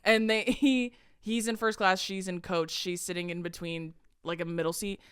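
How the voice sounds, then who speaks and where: Bright, swearing woman podcaster. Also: lowish voice, moderate pace, smooth, dry recording. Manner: animated, swearing, laughing storyteller acting out quotes. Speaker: podcast co-host. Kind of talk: casual chat.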